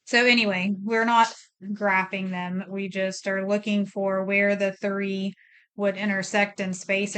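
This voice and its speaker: A woman's voice: mid-range voice, level tone, unhurried, a bit bright, clean tone. A middle-aged woman teaching a recorded math lesson, explaining each step plainly and thinking aloud as she works.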